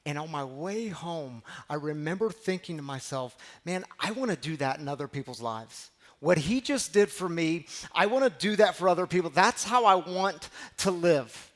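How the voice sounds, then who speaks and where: A man preaching a sermon as pastor, telling a personal story and moving between hushed, slow passages and loud, emphatic ones. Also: on the high side, animated. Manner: heartfelt, storytelling preacher with repeated phrases.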